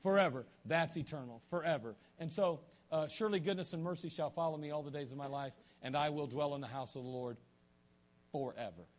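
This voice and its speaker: A man's voice: fairly high pitch, a little fast. A man preaching a sermon in a folksy, joking way, often restarting his sentences, with an Ohio accent. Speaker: pastor.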